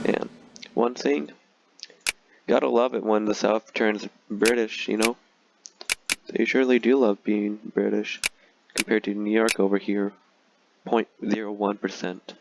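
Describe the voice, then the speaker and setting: A man's voice: fairly low pitch, a little slow, background noise. A man talking casually and sarcastically through a strategy game, with frequent filler words. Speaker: gaming video creator.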